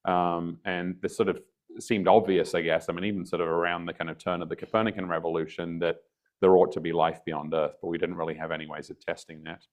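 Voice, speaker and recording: A man's voice: low voice, little pitch movement, fast. A man from the UK giving a public science lecture over a video call, dry and wry with many ums and uhs. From UK, near Liverpool. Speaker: guest speaker.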